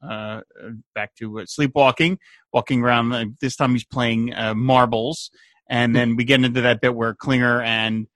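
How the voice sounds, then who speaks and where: A man's voice: mid-range voice, moderate pace, no room sound. A man co-hosting a podcast, casually recapping a TV episode and quoting the characters in playful voices. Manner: animated retelling, quotes characters in playful voices. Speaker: podcast co-host.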